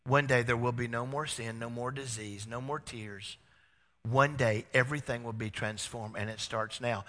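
A man preaching a sermon as pastor, telling stories with acted-out dialogue and swinging between loud outbursts and hushed confession. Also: mid-range voice, fairly even intonation, moderate pace. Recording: echoey hall.

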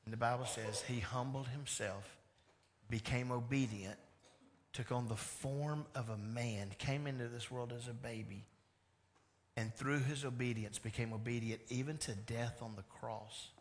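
Animated male pastor preaching a sermon. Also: mid-range voice, unhurried, slight background noise. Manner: animated, swings between loud emphasis and hushed lines.

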